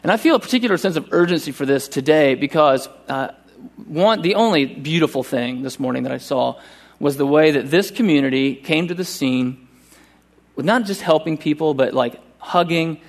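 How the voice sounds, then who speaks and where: At a church service, a pastor whose voice sits on the high side preaches with earnest urgency. He shifts to a slow, careful delivery whenever he reads from scripture.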